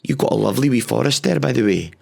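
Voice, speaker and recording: A man's voice: mid-range voice, expressive, fast, creaky, slightly rough, voice pushed up, heavily acted. Man doing a brash sweary Glaswegian bloke. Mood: hectoring. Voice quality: loud, blunt and sweary.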